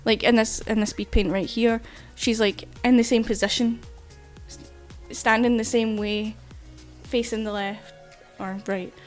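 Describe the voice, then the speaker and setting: A woman's voice: fairly high pitch, level tone, measured pace, faint music behind. A woman artist chatting casually while streaming, rambling and swearing freely. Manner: chatty, loose, swears casually, frequent fillers. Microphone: desk mic while streaming.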